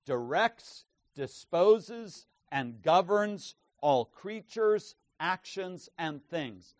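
Slow, emphatic preaching man. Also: on the high side, darkish tone, dry recording. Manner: slow, emphatic, repeats key words with pauses. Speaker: pastor. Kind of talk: expository sermon.

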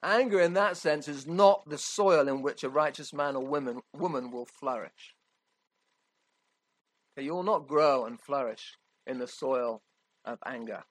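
A man's voice: medium pitch, a little slow, long pauses, low-quality recording. A man preaching a sermon in a conversational, emphatic way, often checking in with his listeners.

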